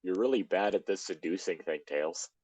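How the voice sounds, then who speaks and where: Deep-voiced sarcastic man. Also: normal speed, a little mellow, husky, no room sound. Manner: dry, sarcastic asides. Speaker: co-reader. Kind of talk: comic read-aloud with commentary.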